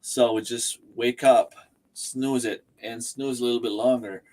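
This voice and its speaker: A man hosts a relaxed livestream from home, speaking into a desk microphone at a middle pitch. He chats easily, laughs often and answers his viewers by name. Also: normal speed. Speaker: livestream host. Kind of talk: casual chat. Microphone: desk microphone and webcam.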